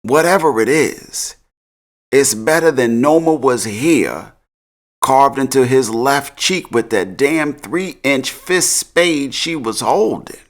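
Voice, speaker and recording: Slow, animated man recapping TV. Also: mid-range voice. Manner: slangy, laughs often, drawn-out delivery. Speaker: TV recap host. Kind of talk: casual episode recap.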